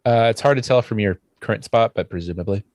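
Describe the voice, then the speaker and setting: A man with a lowish voice runs a tabletop game and narrates in a relaxed way with small fillers. The sound is dry and close, with no room echo. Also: fast talker. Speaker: game master.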